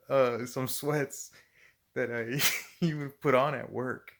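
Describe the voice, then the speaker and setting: Here a middle-aged man slowly spins casual work anecdotes in a medium-pitched voice. Swearing runs constantly through his animated retelling, punctuated by frequent laughter.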